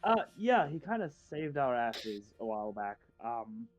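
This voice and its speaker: A man's voice: mid-range voice, big pitch swings, a little slow, dull audio, over music. A man playing a tabletop game, chatting casually in a hesitant, joking way. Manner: hesitant, joking, with many fillers. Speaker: player.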